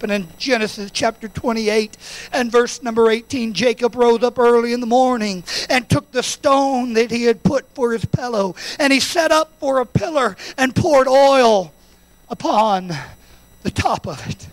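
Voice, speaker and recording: High-voiced impassioned male preacher. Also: normal speed, no echo, poor audio. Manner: impassioned, rising to shouted peaks, then quiet and intimate. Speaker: pastor. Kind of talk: sermon.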